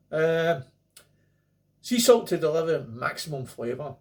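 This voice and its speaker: A man's voice: medium pitch, lively intonation, a little slow. A middle-aged Scottish man talking casually to camera as he reviews a beer, rambling and joking. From Scotland. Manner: chatty, rambling, jokey asides.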